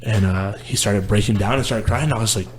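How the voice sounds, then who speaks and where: A man's voice: fairly low pitch, fairly quick, background noise. A young man, a guest on a casual podcast, telling his life story in a candid, rambling way. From Houston, Texas. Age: young adult.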